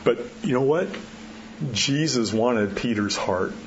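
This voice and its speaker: A pastor giving a sermon in a conversational way, acting out the quotes and dropping his voice low to drive points home. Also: lively intonation, slow. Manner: conversational preaching, acts out quotes, drops low for emphasis. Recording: dull muffled sound with faint background hiss.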